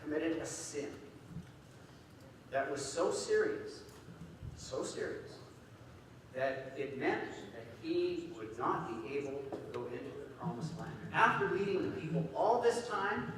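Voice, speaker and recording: Animated male preacher, high voice, distant mic in a reverberant hall. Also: measured pace, noisy background. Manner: animated, acts out quoted voices. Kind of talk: sermon. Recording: echoey hall from far off.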